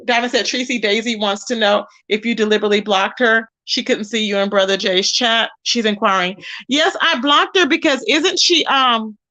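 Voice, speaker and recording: A woman hosting a casual commentary livestream, chatting about online drama, greeting viewers by name in an animated way. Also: fairly high pitch, normal speed. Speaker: YouTube commentary host.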